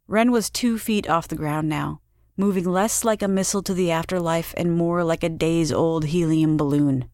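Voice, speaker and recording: A woman narrating a short story in a measured storytelling manner. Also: on the low side, darkish tone, dry recording, studio quality. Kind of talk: scripted audiobook narration.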